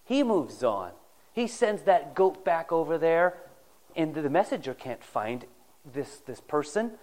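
A man's voice: fairly high pitch, big pitch swings, a little slow, darkish tone. A man preaching a sermon, retelling a Bible story in a folksy, conversational way and addressing the congregation directly. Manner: folksy storytelling, acting out the characters' lines.

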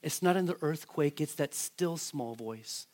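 A middle-aged man preaching a sermon, animated and calling out questions to the congregation. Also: fairly high pitch, measured pace. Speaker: pastor.

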